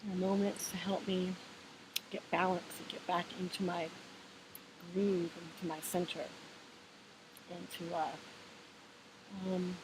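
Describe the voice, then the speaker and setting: A woman giving relaxed, meandering spiritual advice in a casual vlog, talking in an encouraging way with many fillers and restarts. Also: lowish voice, slow, long pauses. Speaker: vlogger sharing spiritual advice. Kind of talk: casual reflective monologue. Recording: hissy home recording.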